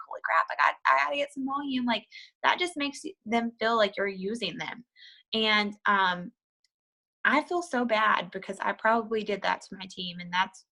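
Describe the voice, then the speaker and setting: A woman telling her business setback story in an interview, candid and chatty, full of "like" and "you know", leaping up in pitch to act out her past self. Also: pushed and bright, rough recording. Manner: acts out her past self with sudden high-pitched bursts. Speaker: interviewee, network marketer.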